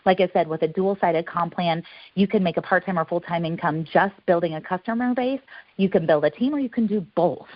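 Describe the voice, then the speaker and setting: A woman's voice: lowish voice, brisk, no echo. A woman hosting a group call, effusive and gushing as she introduces a guest. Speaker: host. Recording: dull lo-fi call audio.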